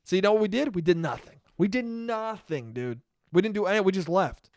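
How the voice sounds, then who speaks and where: In a clean studio recording free of echo, a man with a high-sitting, darkish voice speaks in an animated way, a little fast. He hosts a podcast alone and rambles through a story, cursing often and starting sentences over.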